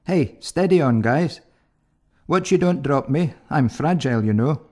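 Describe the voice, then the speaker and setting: A man putting on a fussy, nervous paralyzed man who grumbles at his carriers. He speaks a bit higher and louder than his own voice, jokey and put-upon. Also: animated, unhurried. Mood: grumbling. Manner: complaining, jokey.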